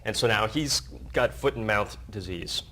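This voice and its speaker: A man's voice: fairly low pitch, normal speed, pushed and bright. A man co-hosting an entertainment news show in a casual, joking way, with a rambling delivery full of fillers and restarts.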